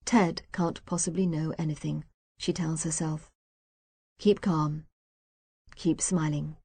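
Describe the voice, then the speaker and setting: A woman narrating a novel in measured storytelling, voicing each character herself. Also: low voice, steady tone, dark tone, breathy edge, no room sound. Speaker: audiobook narrator. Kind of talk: scripted narration. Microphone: close studio mic.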